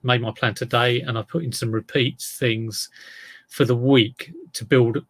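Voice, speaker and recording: A man's voice: medium pitch, fairly even intonation, measured pace, a bit bright. A man chatting casually in a vlog as an online reseller. He rambles, drifts off topic and makes fun of himself. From England. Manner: rambling, self-deprecating, wanders off topic.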